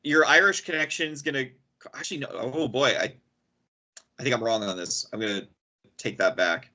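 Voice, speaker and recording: Male podcast host, bright mid-range voice, quick lore explainer, lots of restarts. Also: medium pitch. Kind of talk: casual chat.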